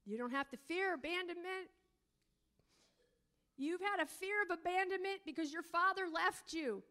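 A woman teaching a sermon on God as father, preaching emphatically and drawing out key words slowly, sometimes breaking into tongues. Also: extremely high pitch. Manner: emphatic preaching, rising to near-shouting; speaks in tongues at times. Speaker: prayer teacher.

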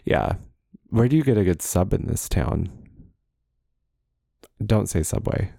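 A man co-hosting a podcast in a small recording room, bantering with deadpan jokes. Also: sits low, measured pace, creaky, no room sound, studio quality. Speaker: podcast co-host. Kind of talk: casual chat.

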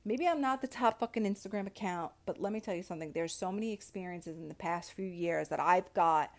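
A woman's voice: on the low side, fairly quick. A woman in her thirties hosting a podcast, giving a fiery motivational monologue, swearing constantly and getting worked up. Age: 30s. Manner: gets worked up, shifting in her chair. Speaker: podcast host.

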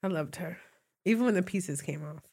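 A young woman in easy, casual podcast conversation, mid-pitched and relaxed. She chimes in and agrees with her co-host and adds her own side of the story. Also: brisk, vocal fry. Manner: easygoing, backs up her friend's story. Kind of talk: casual chat.

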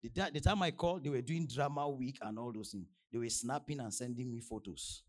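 A young adult man from Nigeria with a Nigerian accent, preaching a sermon with big swings between shouted declarations and quiet asides. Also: medium pitch, brisk. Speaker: pastor.

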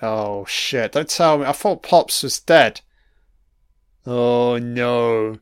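A man talking over a film in a slow, unhurried way, his voice smooth and clear. He mocks what he watches in crude terms and swears constantly. The sound is close and dry, with no room around it. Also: mid-range voice, no room sound. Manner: crude, mocking, heavy swearing. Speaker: film commentator. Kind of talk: profane running film commentary.

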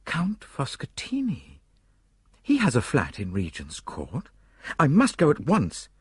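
A man voicing a brisk, earnest middle-aged doctor, speaking urgently. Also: medium pitch, wildly swooping pitch, breathy edge, dry recording, clean studio sound, pitched above the performer's own voice, exaggerated voice.

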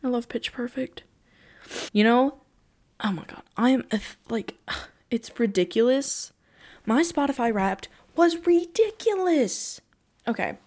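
Teen girl, podcast host, excitable solo chatter with quick gasps and exclamations. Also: a little high. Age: teens. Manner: gushing, breathless, exclamations. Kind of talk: casual solo chat.

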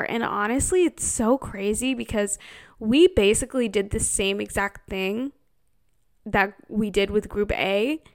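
A young woman hosting a podcast, telling a story in a casual, exasperated way, swearing freely and mimicking her relatives. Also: a little high. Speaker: podcast host.

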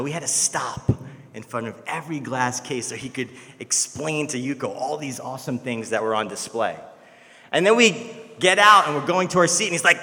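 Bright-voiced young pastor in a reverberant church. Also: male voice, mid-range voice. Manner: conversational storytelling, animated when quoting others. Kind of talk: sermon.

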